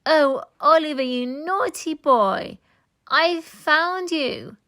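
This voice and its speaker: A woman's voice: sits high, lively intonation, slow, pushed and bright, voice pushed up, exaggerated voice. A woman voicing a cunning young woman in a storybook read-aloud, speaking in a silky, falsely sweet way.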